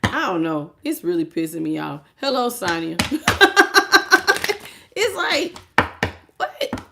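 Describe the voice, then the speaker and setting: A woman's voice: lowish voice, sing-song, slow, vocal fry, background noise. A woman doing a tarot reading to camera, sassy and emphatic, often laughing as she talks. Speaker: tarot reader.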